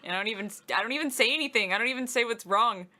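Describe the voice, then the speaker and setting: A woman's voice: on the high side, racing, bright, forceful tone. A young woman co-hosting a gaming video, telling giggly, chatty stories and acting out both sides. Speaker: co-host of a gaming channel. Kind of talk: casual let's-play chat.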